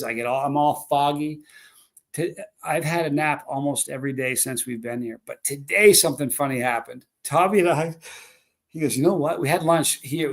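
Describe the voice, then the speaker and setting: A man hosting a live stream, rambling through stories and chatting with viewers. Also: medium pitch. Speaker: livestream host. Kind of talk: casual live stream chat.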